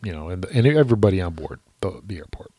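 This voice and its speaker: A man chatting casually as a podcast co-host, relaxed and agreeable, with many short affirmations. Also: deep voice, fast. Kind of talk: casual chat.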